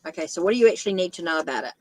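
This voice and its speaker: A woman's voice: fairly low pitch, expressive, very fast, background noise. A woman with a New Zealand accent giving a live-stream tarot reading, thinking aloud and correcting herself as she goes. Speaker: tarot reader.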